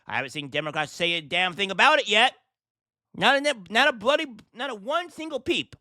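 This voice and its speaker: A man's voice: high-pitched, very animated, fairly quick, bright, forceful tone, dry recording, clean studio sound. A man hosting a reaction commentary vlog, talking in an indignant, ranting way with rhetorical questions. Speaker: political commentary host.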